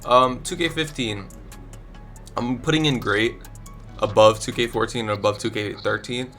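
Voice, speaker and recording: A man's voice: medium pitch, normal speed, fairly bright tone, faint music behind. A young man with a stuffy nose from allergies, casually rambling his blunt opinions as a gaming YouTuber into a desk microphone. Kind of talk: casual commentary ranking video games.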